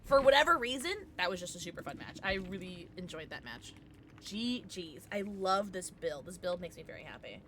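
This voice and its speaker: A woman in her thirties streaming live, bubbly and quick to laugh as she chats with viewers and reacts to their messages. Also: fairly low pitch, animated, a little hiss or hum. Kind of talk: casual livestream chat.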